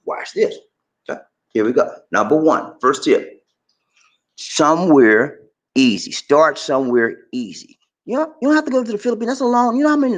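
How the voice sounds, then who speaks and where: Male vlogger, casual to-camera travel advice, very animated pitch, buddy-style chatter. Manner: animated, chatty, calls the viewer "man" and "baby", repeats points.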